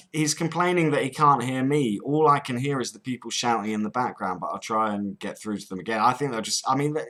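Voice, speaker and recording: A man's voice: medium pitch, a bit bright, poor audio. A man hosting a prank-call channel, chatting casually between calls in a rambling way with crude jokes.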